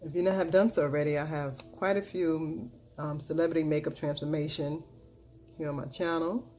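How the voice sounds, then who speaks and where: With faint music in the background, a female beauty vlogger talks at a moderate pace through a makeup tutorial in casual conversation. Her narration drops to low murmurs as she works, broken up by repeated catchphrases and loud, excited chanting.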